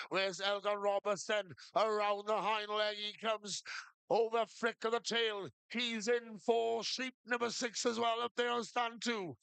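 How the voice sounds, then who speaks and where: Male commentator, high smooth voice, flat tone, dry close sound. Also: no room sound. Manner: steady blow-by-blow calling of each shearing move. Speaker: shearing competition commentator. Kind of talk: live sports commentary over a PA.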